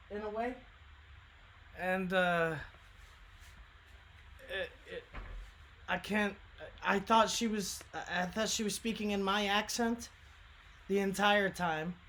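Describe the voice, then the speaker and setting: A woman streamer reacting to a nature documentary in a casual, profane, jokey way, with sudden loud outbursts. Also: mid-range voice, slight background noise. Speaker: streamer hosting a watch party.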